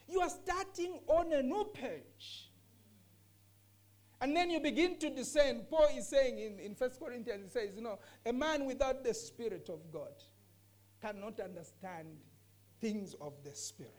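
A woman's voice: on the high side, a little mellow. A woman teaching scripture during a discussion, earnest and emphatic, often repeating her key phrases. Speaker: bible teacher.

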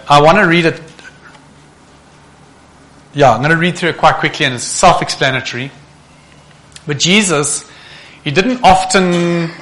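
A man preaching a sermon, often putting rhetorical questions to the congregation in a lively, animated way. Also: a little high. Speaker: pastor.

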